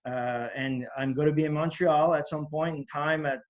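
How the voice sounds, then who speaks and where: A man's voice: on the high side, fairly even intonation, moderate pace. A male karate instructor from New Brunswick, chatting as a guest in a friendly, teasing way that repeats itself. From New Brunswick, Canada. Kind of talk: casual interview chat. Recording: dull lo-fi remote audio.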